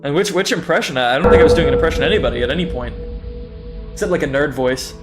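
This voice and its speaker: A man's voice: fairly high pitch, very fast, loud music behind the voice. Swearing young man streaming a game. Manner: chatty, swears freely, self-mocking, laughs often. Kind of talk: casual gaming livestream commentary.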